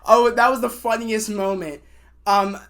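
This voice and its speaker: A woman's voice: medium pitch, a little slow. A woman reviewing a TV episode in a casual spoiler rant, rambling with many fillers and restarts, swearing when annoyed. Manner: excitable, acts out quotes. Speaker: TV show reviewer.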